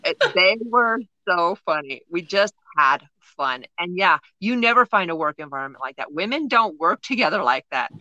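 A woman's voice: lowish voice, moderate pace, hardly any pauses, no room sound, muffled recording. A woman co-hosting a podcast, telling funny work stories in casual chat and often laughing as she talks. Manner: laughs through her stories, animated. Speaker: podcast co-host.

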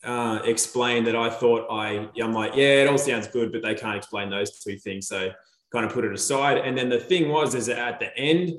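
A man's voice: mid-range voice, moderate pace, roomy sound. A man chatting casually as a podcast guest, telling a story and acting out the dialogue in it. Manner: animated storyteller, acts out quoted dialogue. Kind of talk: casual chat.

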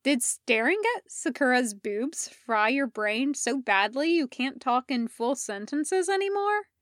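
In a fanfiction audiobook, a rowdy young male ninja yells and needles his friend in a high, punchy voice, as a woman reader puts him on. He sounds loud, cocky and incredulous, and the close recording has very little room sound. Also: animated, measured pace, dry recording. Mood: loud teasing. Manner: shouty, incredulous, teasing.

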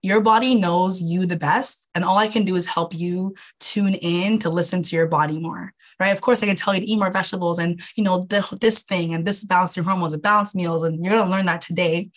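In a brisk voice with a fairly low pitch, a steady tone and few pauses, a young wellness coach chats casually while hosting a live online masterclass. She comes across bubbly and scattered, with frequent laughter and casual swearing.

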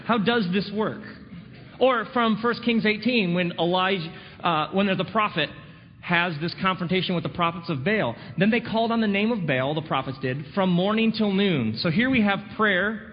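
A man preaching a sermon, sardonic and full of dramatic pauses. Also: high-pitched. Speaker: pastor. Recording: dull recording in a reverberant hall, faint noise.

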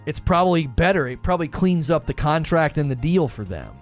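On a casual live stream, a man rambles through his thoughts, pausing for brief asides and reading out viewers' comments. His voice sits a little high with big pitch swings, and soft music plays beneath it.

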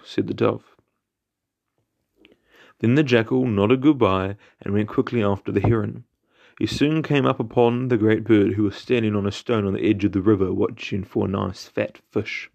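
A man's voice: fairly low pitch, flat delivery, normal speed, creaky, a little mellow. A man reading an old folk tale aloud as the host of a storytelling show, with small slips as he goes. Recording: dull lo-fi recording with faint guitar.

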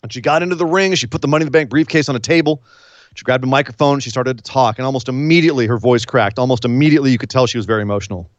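A man's voice: medium pitch, very fast, no room sound, dull audio. A man co-hosting a podcast remotely, animatedly retelling events and acting out quotes in casual chat. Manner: animated storyteller, acts out quotes. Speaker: podcast co-host. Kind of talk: casual wrestling recap chat. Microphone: remote call mic.

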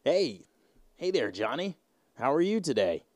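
A man's voice: a little high, sing-song, unhurried, darkish tone, no room sound, pitched above the performer's own voice. A man voicing a stiff, overly cheery guy greeting friends. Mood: chipper.

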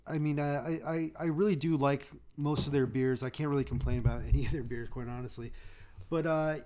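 A man's voice: on the high side, steady tone, brisk, mellow. A man chatting casually as a podcast guest, rambling and joking with many restarts. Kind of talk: casual chat.

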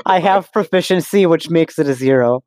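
A man playing a tabletop game, joking in a deadpan, self-mocking way. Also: fairly high pitch, brisk, no room sound. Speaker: player. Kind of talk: casual tabletop game chat.

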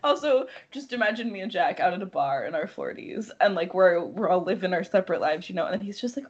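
A young woman co-hosting a podcast, chatting casually, giggling and animated as she tells stories. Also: mid-range voice, brisk, hardly any pauses, slightly rough, dull audio. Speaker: podcast co-host.

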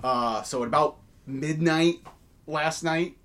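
A man's voice: fairly high pitch, slow pace, fairly bright tone. A man co-hosting a casual wrestling news podcast, talking with many fillers and false starts. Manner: hesitant, many fillers and restarts. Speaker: podcast co-host.

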